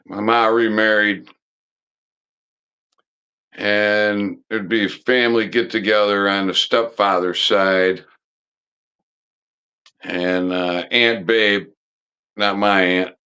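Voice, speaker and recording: Man hosting a stream, low-ish smooth voice, unhurried rambling monologue with frequent restarts. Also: sharp tone. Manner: halting, full of pauses and restarts; blunt, occasionally swears. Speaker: live stream host.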